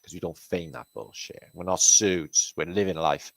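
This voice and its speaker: A man's voice: low-pitched, moderate pace, gravelly, hardly any pauses, no room sound. A man hosting his own channel, chatting casually with viewers on a live stream, greeting them by name and swearing freely. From Britain. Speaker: channel host.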